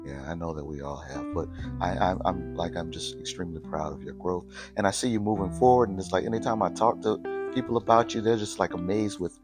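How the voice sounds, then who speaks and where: A middle-aged man with a somewhat low voice talks warmly and encouragingly in a relaxed family chat. Faint guitar music sits behind him. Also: fairly quick. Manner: encouraging, animated when quoting others. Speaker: father in family conversation. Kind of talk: casual heartfelt chat.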